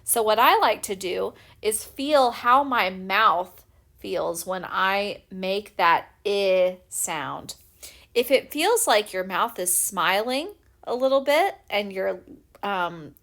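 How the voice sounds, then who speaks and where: A woman teacher giving a recorded spelling lesson for young children, patiently and clearly sounding out letters. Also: medium pitch, a bit bright. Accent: American.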